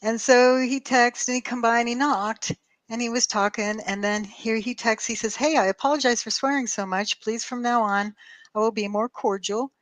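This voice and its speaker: A woman's voice: a little high, steady tone, moderate pace, no room sound. A woman telling a long story on a call show, acting out both sides of the dialogue and swearing freely. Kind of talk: casual storytelling chat.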